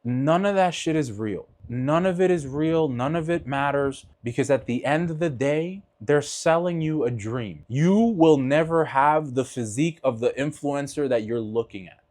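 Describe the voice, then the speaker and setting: A man's voice: fairly high pitch, normal speed, hardly any pauses, darkish tone. A man talking bluntly and earnestly in a motivational vlog, swearing freely and speaking from the heart as he encourages his viewers. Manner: heartfelt, emotional. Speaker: fitness vlogger.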